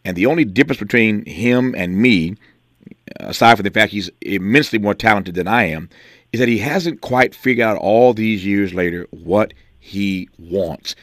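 A man hosting a radio talk show in a studio, earnest and measured, with reflective personal asides. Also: fairly low pitch, fairly bright tone, dry recording. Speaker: radio host. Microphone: studio mic.

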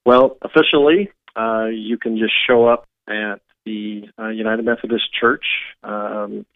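A man's voice: on the low side, steady tone, a little slow, dry recording. A man speaking as a community services director in a radio phone interview, hesitant with many fillers. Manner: hesitant, many ums and uhs. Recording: tinny phone line.

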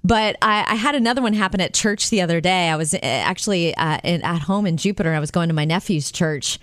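A woman's voice: fairly low pitch, fast, dry recording. Chatty woman radio co-host. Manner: animated storyteller, laughs often. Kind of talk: casual radio chat.

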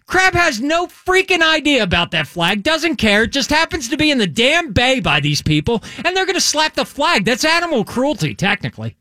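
Male co-host from Maryland, high bright voice, lively ranting delivery, dry close mic. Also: normal speed, hardly any pauses, no echo. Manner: animated, ranting, laughs often. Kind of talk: casual banter on a podcast.

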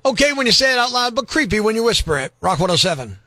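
A man's voice: high-pitched, sing-song, fast, bright, forceful tone, no echo. A man hosting a morning radio show, talking in a brash, mocking, sarcastic way. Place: radio studio.

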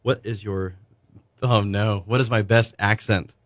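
A man's voice: on the low side, steady tone, measured pace, no echo, studio quality. A young man, a musician guest, chatting casually and rambling with laughs in an interview.

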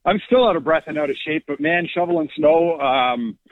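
A man's voice: fairly high pitch, lively intonation, normal speed, no room sound. A man calling in as a hockey analytics analyst, explaining stats thoughtfully with hesitant restarts. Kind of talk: call-in sports analysis. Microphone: phone. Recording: phone line.

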